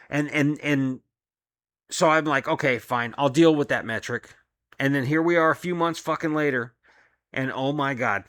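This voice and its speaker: A man's voice: a little high, a bit bright, no room sound. A man, a delivery driver, venting in an angry, profane solo rant about his job. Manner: profane, heated, frustrated.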